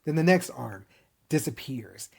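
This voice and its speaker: A man recapping an anime season in a casual, animated storytelling manner, chuckling often. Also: medium pitch, measured pace, vocal fry, breathy edge.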